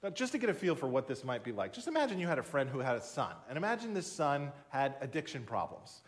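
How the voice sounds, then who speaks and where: A man's voice: medium pitch, very animated, fast. A man preaching a sermon, explaining a passage with emphatic, conversational storytelling.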